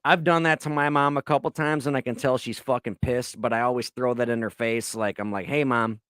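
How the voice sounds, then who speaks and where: A man's voice: medium pitch, steady tone, brisk, a bit bright, clean tone, no echo, clean studio sound. A man in his thirties co-hosting a podcast, telling rambling stories full of swearing in casual chat. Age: 30s. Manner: profane, rambling storyteller. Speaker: podcast co-host.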